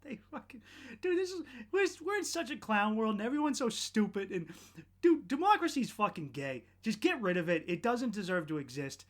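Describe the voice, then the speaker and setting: A podcast host's high, sing-song voice moves at a fairly quick pace through a sardonic, foul-mouthed comedic rant. He wanders and restarts, flipping between loud bursts and muttered remarks.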